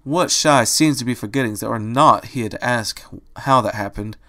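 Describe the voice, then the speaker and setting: A gruff, streetwise male rabbit, as a man reads him, grumbling in tough-guy slang. The voice sits at a middling pitch and stays close to a plain reading voice, just a little lower and quieter. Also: normal speed, natural voice.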